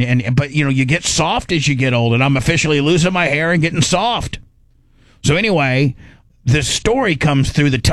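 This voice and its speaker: Dry, animated middle-aged male radio host. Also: a little high, dry recording. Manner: animated, acts out his own inner voice; rambling with frequent restarts and fillers. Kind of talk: casual storytelling chat.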